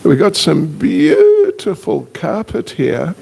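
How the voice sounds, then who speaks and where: An older man, a visiting monk, speaking to a congregation in a slow, teasing, self-deprecating way. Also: high voice, wildly swooping pitch, vocal fry, darkish tone. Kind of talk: casual joking address to a congregation.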